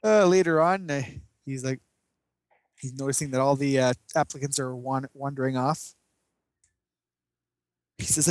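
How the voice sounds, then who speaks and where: A man, podcast host, casually recapping a comic book with giggles and animated storytelling. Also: medium pitch, unhurried, long pauses, no echo.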